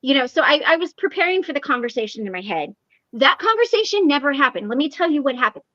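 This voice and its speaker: A woman hosting a recovery meeting, telling a story in a casual, animated way and laughing often. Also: high voice, quick pace, no echo, lo-fi sound.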